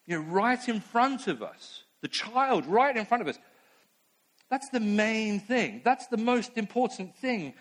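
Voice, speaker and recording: Male preacher, conversational sermon, animated, a little high-pitched. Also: a little slow. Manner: conversational, animated, many asides.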